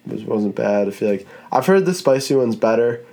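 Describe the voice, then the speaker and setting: A man's voice: mid-range voice, expressive, a little fast, warm tone. A man hosting a casual podcast chat, rambling in a laid-back way and swearing now and then. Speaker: podcast host.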